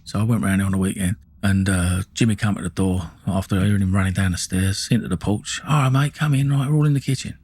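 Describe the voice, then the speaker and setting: Middle-aged Essex man, low husky voice, blunt sweary storyteller. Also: fast talker, hardly any pauses, darkish tone. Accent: Essex English. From England. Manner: blunt, sweary, with many restarts and "you know what I mean". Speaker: storyteller recounting his life. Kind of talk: casual spoken storytelling.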